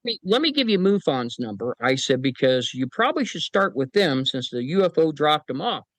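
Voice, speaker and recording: His voice fairly high and a bit bright, a man speaks a little fast with big swings in pitch, captured in a low-quality recording with no room sound. He's a podcast guest recounting folksy stories of his paranormal team, acting out quoted voices and chuckling as he goes.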